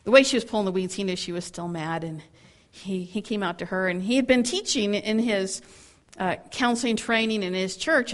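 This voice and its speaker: A woman's voice: medium pitch, moderate pace. A woman speaking to a women's group in a Bible teaching, acting out angry people's words, laughing often and restarting her sentences. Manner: animated, acts out angry quotes, laughs often; repeats words when starting sentences.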